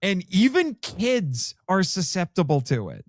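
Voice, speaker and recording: A man's voice: unhurried, no echo, studio quality. A man hosting a casual film discussion podcast, talking animatedly and acting out characters' lines. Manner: animated, quotes characters with rising pitch. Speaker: podcast host.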